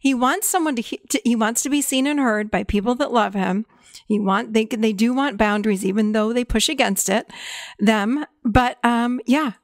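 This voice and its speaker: A woman's voice: on the high side, normal speed, no room sound, studio quality. A middle-aged woman talking casually as a podcast guest, telling a story with acted-out quotes and frequent laughs. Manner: animated storytelling, acts out quoted lines, laughs often.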